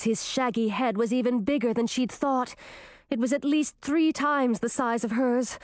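Woman reading a kids fantasy story, a bit high, dry close mic. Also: no room sound. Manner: expressive, dramatic storytelling. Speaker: narrator. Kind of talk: audiobook narration.

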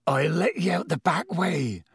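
A big, frightened gamekeeper , as a male narrator puts him on, his voice pushed up high and hoarse with urgency. He is fierce and trembling at once, in a dry, close studio read. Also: animated, measured pace, no echo, heavily acted. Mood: urgent. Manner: urgent, strained, hoarse pleading. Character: huge gruff male gamekeeper, anxious and fierce. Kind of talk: audiobook character voice.

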